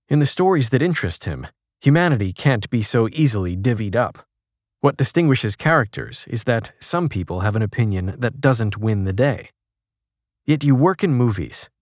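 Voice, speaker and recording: A man narrating a magazine profile in an even, measured reading, at a mid pitch for a man. He goes quieter and lower when he voices quoted lines. The sound is close and dry, with no room around it. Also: dry recording. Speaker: article narrator.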